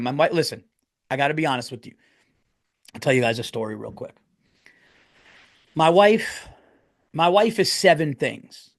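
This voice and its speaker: A man hosting his own podcast, talking alone in a rambling, profane way that swings into loud rants. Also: on the high side. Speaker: podcast host. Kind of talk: casual solo podcast monologue.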